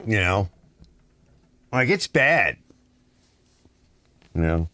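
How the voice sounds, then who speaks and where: A middle-aged man chatting on a relaxed live stream, rambling from one story to the next and tossing in "right?" and "you know" all the time. His pitch swings a lot as he talks, rising high when he gets worked up. The sound is dry and close, with no room around it. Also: drawn-out words, dry recording. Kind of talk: casual live-stream chat.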